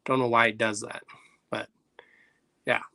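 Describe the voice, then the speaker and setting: A man's voice: mid-range voice, level tone, a little slow, creaky, pushed and bright. A man hosting a livestream, chatting loosely and reacting to viewers' messages. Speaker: livestream host. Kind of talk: casual livestream chat.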